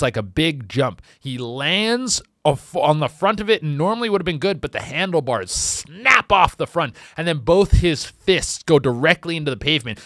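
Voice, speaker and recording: A man hosting a comedy podcast, telling a crude story in a rambling, animated way with restarts and sudden jumps in pitch. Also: dry recording, studio quality.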